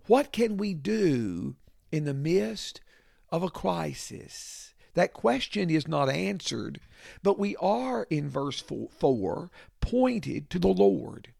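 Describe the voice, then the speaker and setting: Slow, gravelly-voiced man preaching. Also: sits high, a little mellow, no echo, clean studio sound. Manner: slow, deliberate expository preaching with emphatic repetition. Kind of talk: sermon.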